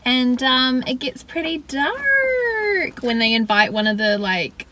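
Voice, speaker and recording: A woman's voice: high-pitched, very animated, slow, heavy background noise. A young woman in her twenties chatting wryly with a friend about books. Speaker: friend and co-host. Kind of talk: casual chat.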